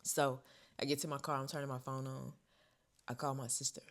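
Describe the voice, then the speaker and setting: Her voice very deep and her pace a little fast, a young woman vlogs a personal story. She's casual and expressive, going from hushed whispers to loud bursts.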